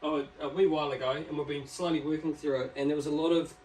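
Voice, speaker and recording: A man's voice: fairly high pitch, fairly even intonation, fast, a little mellow. Easygoing man. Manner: easygoing, laid-back, hesitant. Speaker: co-host of a shop vlog. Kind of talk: casual chat. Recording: faint background noise.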